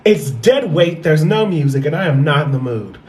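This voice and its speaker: Sassy high-voiced man in an echoey room. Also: animated, moderate pace, darkish tone. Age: 30s. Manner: sassy, profane, repeats punchlines. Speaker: stand-up comedian. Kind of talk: stand-up storytelling.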